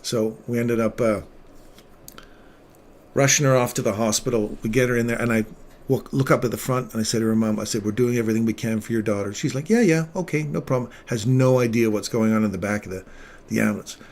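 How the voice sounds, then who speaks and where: A man hosting a casual livestream, once a paramedic, talking with earnest feeling and sometimes dropping his voice very low. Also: steady tone, quick pace, darkish tone, a little hiss or hum. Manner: earnest, emotional storytelling, drops to near-whisper at tender moments. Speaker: livestream trading host, former paramedic.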